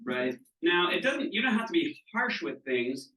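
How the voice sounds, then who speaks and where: Running a live wellness training seminar, a middle-aged man speaks at normal speed in a high-sitting, sing-song voice that is bright and forceful. His manner is casual and chatty, and he keeps asking if listeners follow him. The mic is distant and the room echoes.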